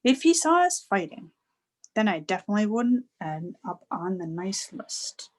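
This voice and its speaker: A woman reads a children's chapter book aloud. Her narration is lively and expressive. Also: mid-range voice, moderate pace. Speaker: reader.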